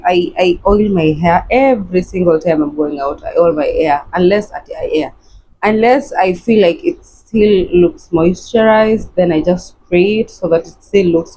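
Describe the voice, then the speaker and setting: A woman's voice: lowish voice, mellow, a little hiss or hum, low-quality recording. A young woman in her twenties from Kenya, chatting casually to her viewers in a rambling, repetitive way while getting ready at home. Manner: chatty, rambling, repeats herself, talks to viewers as friends. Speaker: vlogger.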